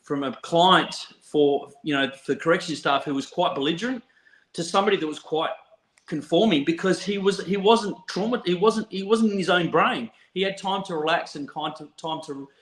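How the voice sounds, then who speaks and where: Man, Australian accent, fairly high voice, animated storytelling, echoey room. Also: normal speed. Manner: animated, laughs often, many restarts. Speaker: counsellor, podcast guest. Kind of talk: casual storytelling chat. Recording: roomy echo.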